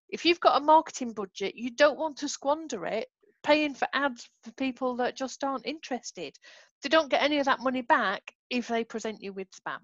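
A woman's voice: high-pitched, fairly bright tone, no room sound, highs cut off. A woman co-hosting a podcast who explains patiently in a casual chat and laughs often. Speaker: podcast co-host, marketing expert.

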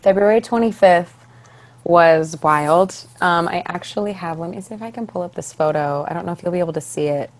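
Chatty actress telling a story. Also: female voice, on the low side, brisk. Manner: animated, acts out quoted voices. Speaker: podcast guest, stage actress. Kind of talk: casual interview storytelling.

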